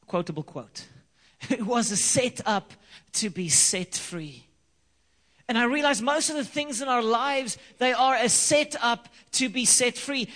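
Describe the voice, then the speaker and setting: A man preaching a sermon, telling a story with animated delivery and repeating key lines for emphasis. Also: extremely high pitch. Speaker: pastor. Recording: long reverb of a hall.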